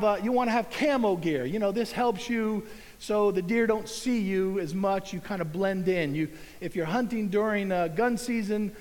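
A middle-aged man holds a live audience with a folksy, animated story, laughing and exclaiming as he goes. His voice sits high for a man. The sound carries the long reverb of a large hall. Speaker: speaker at an event.

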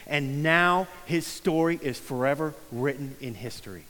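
A male pastor delivers a sermon in an earnest, conversational way, now and then sinking to a hush to drive a point home. His voice sits a little high for a man. The sound carries a long, lingering reverb from a large sanctuary. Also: moderate pace. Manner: earnest, conversational preaching with soft hushed emphasis.

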